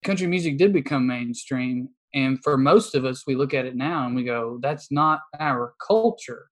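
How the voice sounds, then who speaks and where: A man's voice: medium pitch, normal speed. A man with a Southern US accent, a comedian and podcast guest, speaking his opinions bluntly and with some swearing in a candid interview. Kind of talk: candid conversation.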